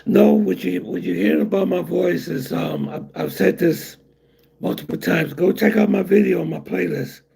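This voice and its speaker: A man hosting a casual livestream, answering chat in a weak, raspy, breathy voice, rambling with many fillers. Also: high-pitched, moderate pace, warm tone. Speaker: livestream host reading chat.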